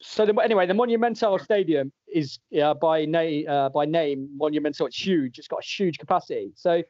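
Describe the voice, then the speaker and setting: A fairly high-voiced man hosts a relaxed podcast quiz, chuckling his way through questions and answers. The audio is dull and lo-fi, with a dry, close sound. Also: fairly quick, few pauses, no echo. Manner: jokey, laughs often while reading out answers. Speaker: podcast host and quizmaster. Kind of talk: casual podcast chat, running a quiz.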